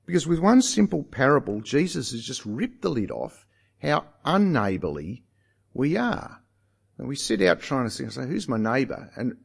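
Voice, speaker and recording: A man preaching a sermon, emphatic and animated, putting rhetorical questions to his listeners. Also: medium pitch, gravelly, breathy edge.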